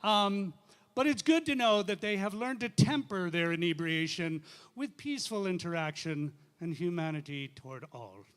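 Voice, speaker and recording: Bright-voiced male stage comedian. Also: high voice, lively intonation, normal speed. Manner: chatty, teasing the crowd. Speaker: comedian and singer. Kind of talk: stand-up comedy with comic songs.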